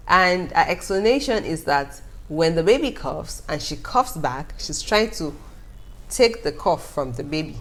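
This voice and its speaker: A young woman talks casually to her viewers about motherhood, her voice sitting a little low. She tells her stories in an animated, playful way and laughs often as she speaks. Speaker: vlogger. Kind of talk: casual storytelling to camera.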